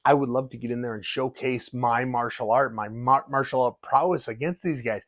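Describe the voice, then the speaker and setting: A middle-aged man and fighter talking excitedly in a casual vlog, often restarting his sentences. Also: medium pitch, moderate pace, no room sound. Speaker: fighter and vlogger.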